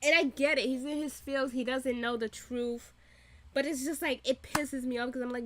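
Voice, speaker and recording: A woman's voice: on the high side, unhurried, background noise. A woman giving casual reaction commentary, emphatic and repetitive, laughing often and swearing freely. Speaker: reaction channel host.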